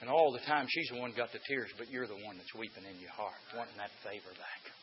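A man with a scratchy voice preaching a sermon to a room of men, swinging from shouted passages to hushed storytelling. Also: lowish voice, fairly even intonation, quick pace, highs cut off. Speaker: preacher to a men's gathering.

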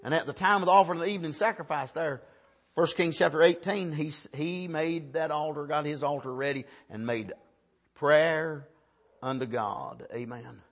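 A man preaching a sermon with passion, dropping to a hush and then building to shouts, with a steady stream of "Amen.". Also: on the high side, moderate pace. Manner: impassioned, swings from hushed to shouting, frequent "Amen".

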